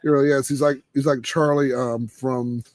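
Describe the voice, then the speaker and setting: A man hosting a live cigar show in casual chat, laid-back and laughing, trailing off into low murmurs. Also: fairly even intonation, normal speed, a little mellow.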